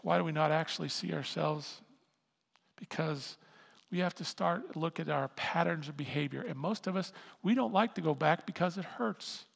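A pastor delivers his sermon in a high, gravelly voice. He is animated, doubling back on words and climbing to loud emphasis. His voice rings with the long reverb of a large hall. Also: normal speed.

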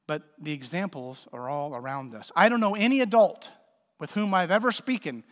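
A male pastor delivers a sermon with a notably high-pitched voice, casual and joking between forceful swells of emphasis. The sound rings with a long hall reverb. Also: moderate pace. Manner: conversational, joking preacher with sudden emphatic swells.

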